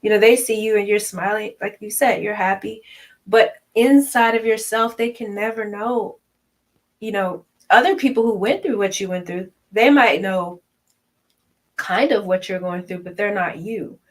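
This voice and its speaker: Animated woman in casual chat. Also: mid-range voice, normal speed, poor audio. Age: 30s. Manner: animated, acts out quoted voices, laughs often. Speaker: podcast co-host.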